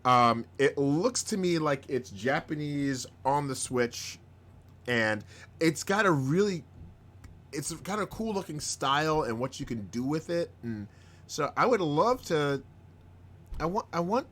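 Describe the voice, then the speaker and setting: A man hosting a live stream in casual chat, rambling, chuckling often and bursting into excited outbursts. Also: on the high side, measured pace. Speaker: host of a live-streamed show.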